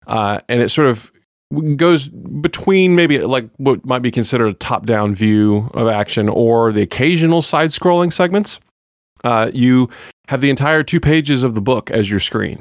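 A man's voice: mid-range voice, no room sound, studio quality. A man casually reviewing a video game on a podcast, explaining with frequent restarts and fillers.

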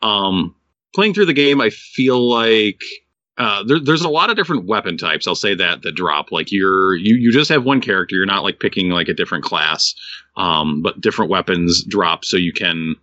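A man's voice: low-pitched, expressive, normal speed, pushed and bright, no echo, lo-fi sound. A man co-hosting a podcast, reviewing a game in casual chat, rambling with many restarts and fillers, fighting hiccups. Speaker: podcast co-host reviewing games.

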